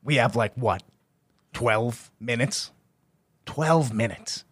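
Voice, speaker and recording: A man's voice: mid-range voice, slow pace, breathy edge, no echo. Exasperated swearing male player, dry sound. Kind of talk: tabletop role-play banter.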